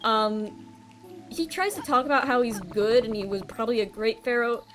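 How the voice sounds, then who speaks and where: A woman's voice: a little high, moderate pace, soft background music. A woman streamer chatting casually while she plays, rambling through a recap with many ums and restarts. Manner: rambling recap with filler ums and self-corrections. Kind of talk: casual gameplay stream chat.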